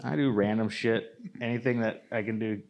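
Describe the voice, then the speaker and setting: A man's voice: on the low side, steady tone, vocal fry, muffled recording. Laid-back, swearing podcast co-host, male. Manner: laid-back, profane, quick to laugh. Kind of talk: casual podcast chat.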